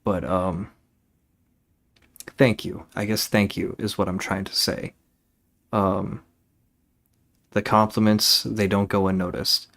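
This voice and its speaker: A young man with a lowish voice chatting on a game stream. He rambles from tangent to tangent in a laid-back way and swears without thinking about it. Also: level tone, slow pace, vocal fry, long pauses, fairly bright tone. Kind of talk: casual chat while streaming a game.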